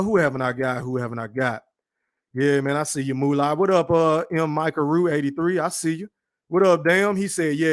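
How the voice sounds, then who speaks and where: A man hosting a live podcast stream, reading viewer chat aloud and shouting out supporters in a boastful, profane manner. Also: on the high side. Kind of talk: casual livestream chat.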